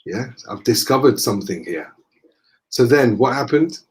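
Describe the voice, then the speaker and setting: A man with a Northern English accent, a guest in a conversation, telling lively anecdotes and acting out the dialogue. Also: medium pitch, normal speed. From northern England. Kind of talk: casual storytelling in conversation.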